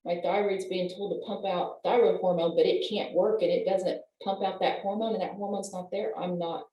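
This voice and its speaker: An older woman, a wellness professional and guest, explaining things in an animated way and laughing as she talks. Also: medium pitch, moderate pace, a little hiss or hum. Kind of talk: conversational explaining. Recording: roomy, distant from the mic.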